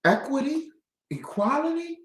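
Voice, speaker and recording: A man hosting a talk show, ranting with passion and swinging from low muttering to outbursts of shouting. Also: sing-song, measured pace, roomy sound, rough recording. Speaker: host. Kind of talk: impassioned talk-show rant.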